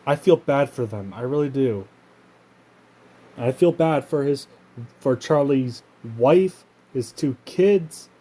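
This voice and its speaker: A man's voice: mid-range voice, expressive, slow, warm tone. A man hosting his own channel, talking in an indignant, profane rant that halts often and restarts its sentences. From Canada. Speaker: channel host. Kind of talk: casual spoken rant to camera.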